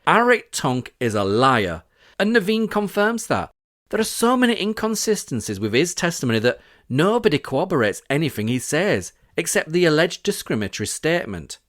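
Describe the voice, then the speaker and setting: A man's voice: fairly high pitch, very animated, fairly quick, a bit bright, no echo, studio quality. A man from Britain hosting a scripted podcast, reading out witness quotes with sarcastic, indignant asides. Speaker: podcast host.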